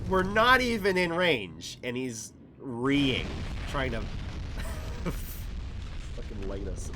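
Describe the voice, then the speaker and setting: A man streaming a video game, giving casual commentary that is profane and excitable, with frequent laughter. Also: mid-range voice, background noise.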